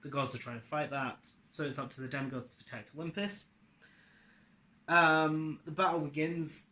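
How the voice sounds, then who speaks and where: Bright-voiced man rambling in an echoey room. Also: on the high side, steady tone, normal speed. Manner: loose, offhand, with fillers and casual swearing. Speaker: video creator summarizing his series adaptation. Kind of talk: casual rambling explanation.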